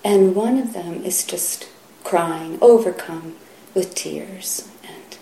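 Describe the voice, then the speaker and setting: A middle-aged woman giving a Zen dharma talk, soft and halting, often sinking to a whisper. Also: on the low side, creaky. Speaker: Zen teacher. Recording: roomy hall echo, faint ambience.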